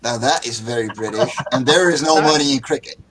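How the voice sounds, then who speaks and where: A man on a comic talk show, joking and explaining things slowly in casual chat. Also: mid-range voice, a crowd in the background, low-quality recording.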